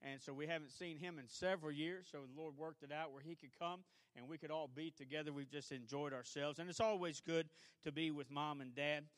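Chatty preacher, higher voice. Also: male voice, fairly even intonation, fairly quick, no echo. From North Louisiana. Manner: chatty, self-deprecating, homespun asides. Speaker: guest preacher, assistant pastor. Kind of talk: folksy church sermon opening. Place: church sanctuary, live service.

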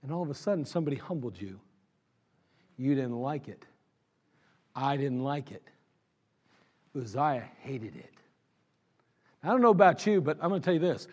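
A male pastor preaching a sermon, swinging between loud exhortation and low, intimate talk. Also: very animated, moderate pace, pauses often.

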